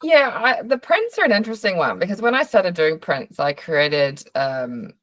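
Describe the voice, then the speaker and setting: Brief: New Zealand woman, low voice, dry close sound, friendly art-business coach on a video call. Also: sing-song, normal speed, fairly bright tone, no room sound. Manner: chatty, frequent fillers and restarts. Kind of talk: live online training Q&A.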